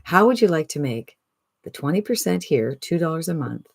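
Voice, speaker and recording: Upbeat sixty-something sales pitcher. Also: very animated, normal speed, gravelly, dry recording. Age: 60s. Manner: upbeat, chatty, many rhetorical "right?". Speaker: online business promoter.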